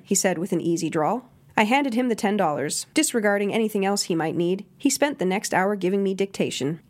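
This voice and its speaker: A woman narrating a memoir audiobook in a measured, even reading. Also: medium pitch.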